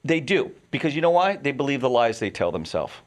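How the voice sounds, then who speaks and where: A man's voice: mid-range voice, very animated, a little fast. A man around sixty, talking as a podcast guest in a casual interview, who repeats words and digresses as he explains his views.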